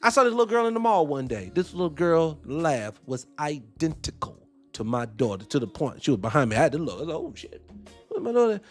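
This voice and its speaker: A man's voice: a little high, animated, quick pace, hardly any pauses, soft background music. A man giving heated, profane reaction commentary, firing off rhetorical questions.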